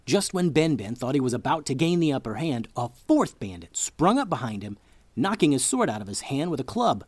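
A man's voice: medium pitch, sing-song, a little fast, no room sound. A man hosting a children's story podcast who narrates expressively, like a storyteller for kids.

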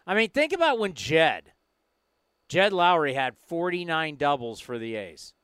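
A man's voice: on the high side, big pitch swings, unhurried, a bit bright, clean tone, no echo. A man hosting a sports talk show, joking and asking a lot of questions.

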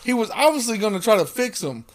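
Male podcast co-host, swearing storyteller, lively voice on the high side. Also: quick pace, a crowd in the background. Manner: animated, heavy swearing, acts out quotes. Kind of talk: casual storytelling chat.

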